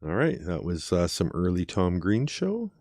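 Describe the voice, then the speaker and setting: This is a man with a very low voice, hosting his own stream. He talks casually into a desk microphone, rambling and chuckling as he reacts to old clips. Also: normal speed, crowd noise, background noise. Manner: relaxed, rambling, with frequent ums and chuckles. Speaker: streamer host.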